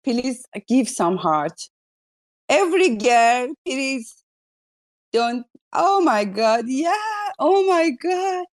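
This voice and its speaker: A woman's voice: a little high, sing-song, very slow, long pauses. A woman hosting a live audio chat, effusive and exclaiming often, speaking in broken non-native English.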